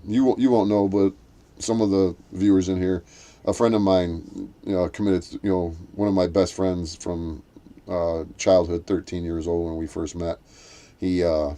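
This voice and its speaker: A man's voice: flat delivery, normal speed, mellow. A man in casual chat, telling a rambling story with many restarts and acting out quoted voices. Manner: acts out quoted voices in a raised pitch.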